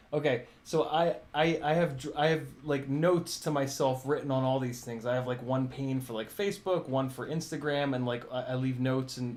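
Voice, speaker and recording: A man's voice: medium pitch, a little mellow. A man chatting casually on a live Q&A stream, laughing often, swearing and scolding his cat. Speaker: drone streamer. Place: home room with glass doors.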